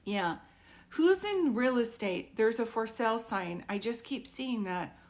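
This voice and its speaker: A woman speaks as a psychic medium in a live online group reading. She talks in a loose, conversational way, full of "like" and quick asides. She keeps pausing to ask whether what she says makes sense. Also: fairly high pitch, animated. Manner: chatty, keeps checking "does this make sense".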